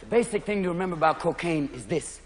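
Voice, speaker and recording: A man in his thirties doing live stand-up comedy on a large stage, manic and rapid-fire, jumping in and out of voices. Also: a little high, lively intonation, in a large hall. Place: large opera house stage. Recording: loud live crowd and room noise. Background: roaring audience laughter.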